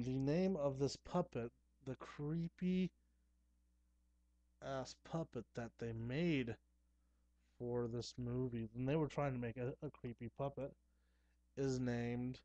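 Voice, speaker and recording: A young man talking casually to camera at home, chatty and excitable, with playful asides. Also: medium pitch, no room sound. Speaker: horror movie vlogger. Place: dim room at home.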